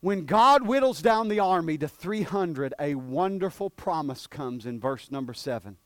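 A male preacher, delivering a sermon that swings between shouted peaks and hushed, drawn-out passages. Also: a little high, lively intonation, dry recording, clean studio sound.

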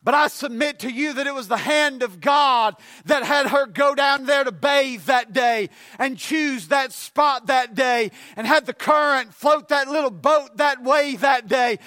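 A man preaching with a very high, bright, ringing voice that climbs to shouts on his main points. He builds his sentences by repetition, hammering each phrase. The sound is dry and close. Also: a little slow, hardly any pauses, no room sound. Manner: emphatic preaching, rising to shouts on key points. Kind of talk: sermon.

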